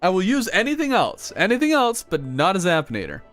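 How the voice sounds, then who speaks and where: A man's voice: high voice, huge pitch swings, brisk, fairly bright tone. An American man streaming a video game and chatting casually, joking with viewers and reading their comments aloud. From United States. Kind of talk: casual gaming livestream chat. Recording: music playing underneath.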